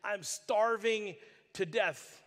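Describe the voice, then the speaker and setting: A man's voice: high voice, drawn-out words, a bit bright, in a large hall, voice pushed up, exaggerated voice. A man voicing a desperate, starving young hunter who pleads in a whiny, overdramatic way.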